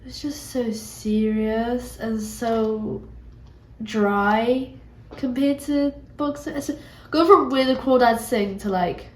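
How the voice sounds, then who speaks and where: A woman's voice: on the high side, slow pace. A young woman with a British accent vlogging from a resort hotel room, rambling and self-mocking, sounding congested. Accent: British English. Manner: chatty, self-mocking, swears casually. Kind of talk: casual rambling vlog talk. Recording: echoey room with faint ambience.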